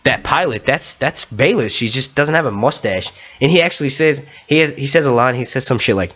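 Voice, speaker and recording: A man's voice: mid-range voice, animated, fairly quick, fairly bright tone, highs cut off. A man hosting a live stream in a casual, rambling way, swearing and restarting his sentences often.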